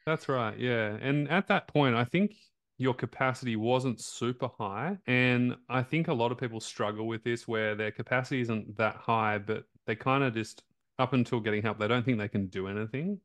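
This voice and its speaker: An Australian man hosting a casual interview, talking in a relaxed, informal way with loose fillers. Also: mid-range voice, moderate pace. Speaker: interview host.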